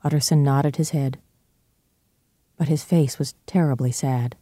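A narrator giving a measured, even-paced storybook reading. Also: mid-range voice, no room sound.

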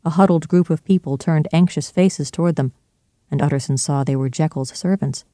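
A man narrating a classic novel in a clear, steady storytelling style. His voice is mellow and dark, and the recording is dry and close. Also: fairly high pitch, fairly quick, dry recording. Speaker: audiobook narrator. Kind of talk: scripted narration.

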